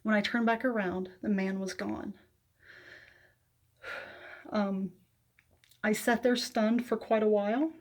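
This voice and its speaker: A woman telling viewers a personal faith testimony, soft-spoken and emotional, pausing often with hesitant fillers. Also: mid-range voice, fairly even intonation. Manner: emotional, close to tears. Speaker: faith vlogger.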